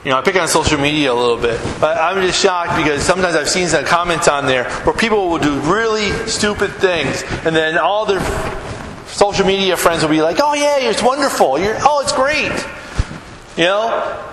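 A middle-aged male pastor speaks in a high, conversational voice, often turning to his congregation for agreement. His sermon carries through a roomy church hall with a long echo and steady background noise. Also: a little fast. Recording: echoey hall with room noise.

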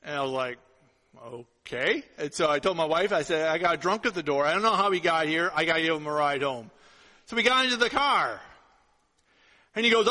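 Middle-aged male pastor, high bright voice, storytelling sermon, reverberant sanctuary. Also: normal speed, long pauses. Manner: storytelling, animated with acted-out dialogue. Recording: long reverb of a hall.

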